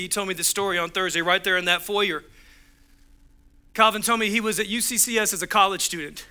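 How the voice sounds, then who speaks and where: A man's voice: high-pitched, pushed and bright, smooth. A man preaching a sermon as pastor, driving home points with punchy repeated phrases and acting out the voices in his stories.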